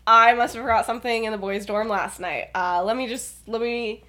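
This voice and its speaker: A young woman chats through a story on her podcast, jumping into the characters' voices as she goes. Her voice sits a little high, and she keeps breaking into giggles while she talks. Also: brisk. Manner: animated retelling of a fan story, acting out characters' lines with laughter. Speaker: podcast co-host. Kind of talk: casual storytelling chat.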